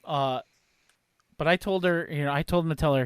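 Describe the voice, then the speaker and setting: A man's voice: a little high, a little fast, clean tone, no room sound. A man co-hosting a podcast in casual chat, recounting an incident step by step. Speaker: podcast co-host.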